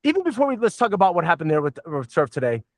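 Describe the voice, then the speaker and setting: A middle-aged man from the Southern United States hosting a casual podcast, rambling and swearing excitably. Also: high-pitched, racing, dry recording, clean studio sound. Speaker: podcast host.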